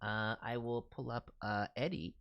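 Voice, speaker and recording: A woman on a live stream chats while voicing her viewers' characters, gushing with enthusiasm and stammering to fill pauses. Her voice is extremely low in pitch with fairly even intonation and a clean tone, though the highs are cut off.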